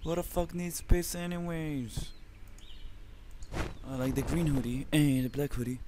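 A man from Lebanon hosting his own channel, giving excitable, profanity-heavy commentary on a survival game and talking trash at the enemies. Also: fairly high pitch, measured pace, very noisy. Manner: excitable, swears constantly, talks to the enemies. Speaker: gaming channel host.

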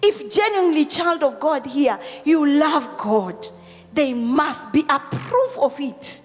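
A Kenyan woman pastor preaching a Sunday sermon, tearful and emotional, swinging between loud calls and whispered prayers. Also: high voice, animated, measured pace. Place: church hall. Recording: long hall reverb with faint music.

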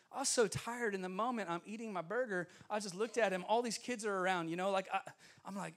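Bright-voiced, high-pitched preacher man. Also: fast talker. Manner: animated, acts out dialogue, laughs often. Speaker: guest preacher. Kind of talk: storytelling sermon. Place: church sanctuary.

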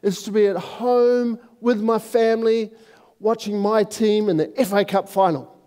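A man telling a joke voices a football-loving Englishman who dreamily drags out his words as he lists his wish. The voice sits high and the pace is leisurely. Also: fairly even intonation, measured pace, mellow, clear, resonant tone. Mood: wistful. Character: wishful Englishman, adult male, football fan.

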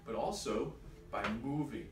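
A man's voice: mid-range voice, lively intonation, measured pace. Man, patient class teacher, quizzes students, roomy echo, distant mic, faint background hiss. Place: church classroom. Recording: echoey room from far off.

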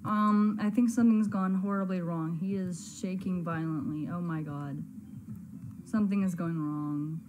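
A woman's voice: mid-range voice, steady tone, moderate pace, darkish tone, soft background music. A woman hosting a gaming video, giving flustered, exclaiming let's-play commentary with frequent stammers.

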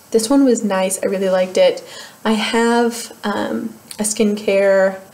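A young woman talks through her used-up beauty products in a relaxed, chatty vlog. She pokes fun at herself and laughs often between remarks. Her voice sits in an ordinary middle pitch. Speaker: beauty vlogger. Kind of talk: casual product review vlog.

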